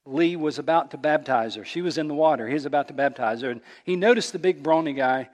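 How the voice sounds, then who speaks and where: A man preaching from the pulpit, his voice sitting a touch high for a man. He tells his story with rising intensity, pushing louder and higher at the emotional moments. The long reverb of a large sanctuary trails after every phrase. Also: fast. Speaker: pastor. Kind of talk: sermon.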